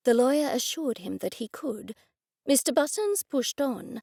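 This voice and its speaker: Woman audiobook narrator, measured delivery, higher pitch, dry sound. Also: expressive, vocal fry, warm tone, no echo. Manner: measured storytelling. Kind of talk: scripted narration.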